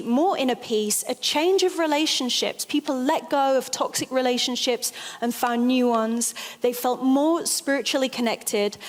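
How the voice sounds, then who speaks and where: A woman speaks from a stage in an animated storytelling manner, leaning hard on key phrases. Her voice sits a little high. The sound rings with the long reverb of a large hall. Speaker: speaker giving a stage talk. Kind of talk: storytelling lecture.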